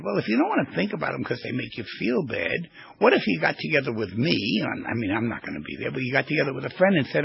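A man hosting a radio talk show, telling stories in a rambling, animated way as a therapist. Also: mid-range voice, quick pace, creaky, husky, highs cut off. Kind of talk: casual radio talk with storytelling.

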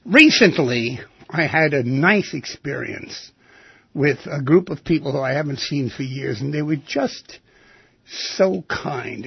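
A male radio host talks in a reflective monologue, asking his listeners rhetorical questions. His voice is gravelly and husky and sits a little high for a man. The sound is dry and dull, like an old lo-fi broadcast. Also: no room sound. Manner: thoughtful, asks rhetorical questions.

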